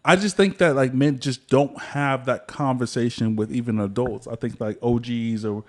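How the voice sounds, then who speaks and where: Laid-back guy hosting a podcast, jokey, keeps restarting his sentences, mid-pitch voice. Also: fairly even intonation, moderate pace. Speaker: podcast host. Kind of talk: casual chat.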